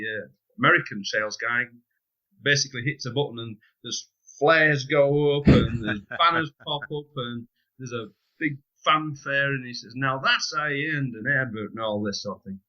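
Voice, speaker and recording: A man co-hosting a business podcast, chatting casually and explaining with lively asides and light humour. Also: mid-range voice, muffled recording. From United Kingdom. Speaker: podcast co-host.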